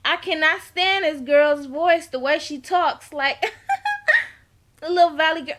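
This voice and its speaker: A woman's voice: high voice, takes it slowly, a bit bright. A woman recapping a reality TV episode in a casual vlog, blunt and slangy, laughing often. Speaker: reality TV reviewer.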